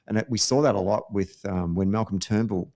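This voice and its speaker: A man with an Australian accent hosting a political podcast, talking in halting phrases. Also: on the low side, darkish tone. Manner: hesitant, full of fillers. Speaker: podcast host. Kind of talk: casual political chat.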